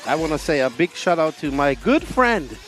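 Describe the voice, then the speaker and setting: A man co-hosting live race commentary, joking and giving shout-outs to viewers. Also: on the high side, sing-song, normal speed, soft background music.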